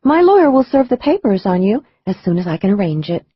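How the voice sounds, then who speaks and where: Man doing a young woman, soft but firm; audiobook. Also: high-pitched, sing-song, fast, slightly rough, muffled recording, exaggerated voice. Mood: relieved. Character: young woman, relieved, quietly resolute.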